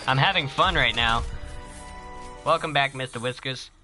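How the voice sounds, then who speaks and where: A man streaming a video game live, chatting casually and excitedly with his viewers and cheering himself on. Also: mid-range voice, moderate pace, soft background music. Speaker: gaming streamer.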